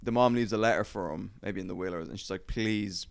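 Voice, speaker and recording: Young guy on a podcast rambling through a story, smooth clear voice, cursing a lot, dry close sound. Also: sits low, fast, no room sound. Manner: rambling, profane storytelling with acted quotes. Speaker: podcast host. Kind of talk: casual podcast chat.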